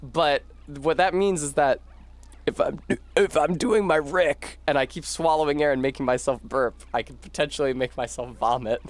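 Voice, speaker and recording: A man's voice: on the high side, normal speed. A man casually rambling and joking while streaming a video game, swearing now and then. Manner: rambling, wry, profane. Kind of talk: casual gaming commentary.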